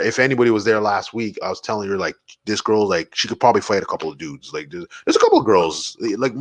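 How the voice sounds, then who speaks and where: Low-voiced, rambling podcast host. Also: male voice, a bit bright, no room sound. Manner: rambling, profane, lots of fillers like "like" and "man". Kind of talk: casual solo podcast chat.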